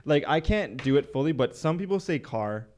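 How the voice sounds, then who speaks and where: A man's voice: on the high side, expressive, moderate pace, a little mellow. A man co-hosting a casual podcast chat, chiming in with wry quips.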